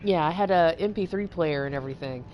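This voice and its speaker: A woman's voice: deep voice, fast talker, a little mellow, slight background noise. A young woman from Texas hosting a livestream, telling long rambling stories with lots of fillers and swearing. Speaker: livestream host. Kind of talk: casual storytelling chat.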